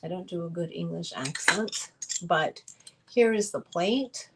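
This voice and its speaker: A woman's voice: lowish voice, a little slow, fairly bright tone, poor audio. A woman hosting a live online sale, chatting as she describes items for auction.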